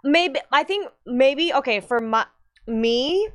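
A woman's voice: sits high, lively intonation, slow pace, fairly bright tone, no echo. Curious woman guest in casual chat. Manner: curious, laughs often. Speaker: podcast guest.

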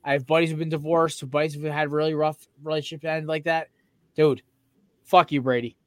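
Young man, sports podcast co-host, heated profane ranting, fairly high voice, dry close sound. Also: little pitch movement, fairly quick, a bit bright, no echo. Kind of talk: casual sports chat.

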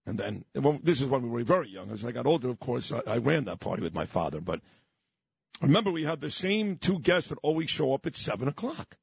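A man's voice: medium pitch, big pitch swings, fast talker, vocal fry, husky, no echo. A middle-aged man from Brooklyn, hosting a morning radio show and telling stories in a nostalgic way. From Brooklyn, New York. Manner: nostalgic, storytelling. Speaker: radio host. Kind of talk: casual radio chat.

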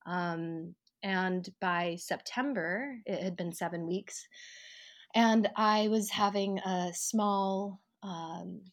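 A woman, an actor and writer, telling a personal story at home in an interview, acting out the voices of people she quotes. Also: medium pitch. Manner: reflective, acts out quoted voices with lively rises. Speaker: podcast guest, actor and writer. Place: at home, living room.

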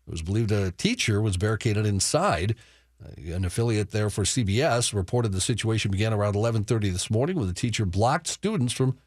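A man's voice: on the low side, slightly rough, no room sound. A man reading the news on a sports talk radio show, matter-of-fact and chuckling between stories, in a studio. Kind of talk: reading news updates with banter.

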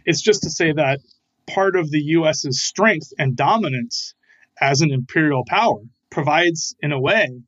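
A man who is a scholar, answering interview questions in a careful, measured way. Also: on the high side, fairly bright tone, dry recording, lo-fi sound. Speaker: guest scholar.

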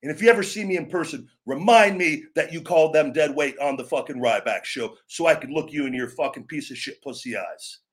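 A man's voice: on the high side, fairly quick, few pauses. A man hosting a live wrestling show, berating online trolls with heavy swearing, then talking things over in a looser, rambling way. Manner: profane, aggressive, berating trolls; calmer, rambling with restarts. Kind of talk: live stream rant and commentary.

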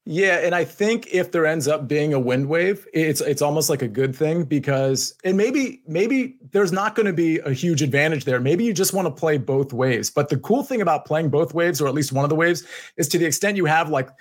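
Slightly higher-voiced man co-hosting. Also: lively intonation, moderate pace. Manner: thinking aloud, repeats words. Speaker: podcast co-host, analyst. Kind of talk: casual podcast chat.

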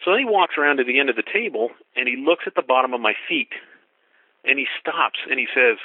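A man's voice: medium pitch, quick pace, no room sound. Middle-aged male hiker, storyteller who voices the other people in his story, recorded down a tinny phone line. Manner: lively, acts out dialogue with rising voice for quotes. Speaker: thru-hiker guest. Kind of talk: storytelling anecdote.

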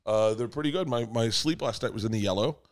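A man, a comedian guest on a podcast, telling stories casually with swearing and bursts of loud high-pitched laughter. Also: fast talker.

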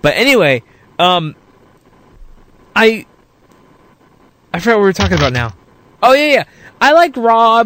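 A man's voice: high voice, fairly bright tone. An American man hosting a casual wrestling chat show, teasing his co-host and laughing a lot. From United States. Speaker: podcast host.

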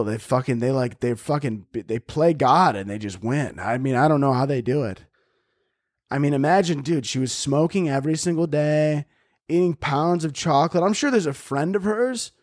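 Rambling, foul-mouthed young podcast host. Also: male voice, on the high side, a little mellow, no room sound, clean studio sound. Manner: rambling, profane, acts out stories in voices. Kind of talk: casual comedic monologue. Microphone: studio mic on a boom arm.

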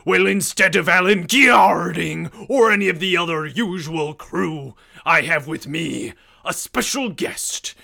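A man hamming up a gravelly pirate captain. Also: high-pitched, measured pace, few pauses, sharp tone, exaggerated voice. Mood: blustery. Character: gruff boastful male pirate captain. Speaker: podcast host. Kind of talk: comedic pirate role-play hosting.

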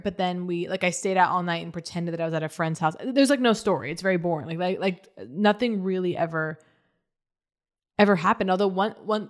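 Woman, co-host, lowish pitch, playful, teasing, casual chat. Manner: quick reactions, playful teasing. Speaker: podcast co-host.

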